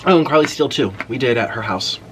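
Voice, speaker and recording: Lively young man, animated eating vlog. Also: mid-range voice, quick pace, background noise. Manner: animated, exclaims loudly at spicy food. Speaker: mukbang host. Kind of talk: casual eating vlog chat.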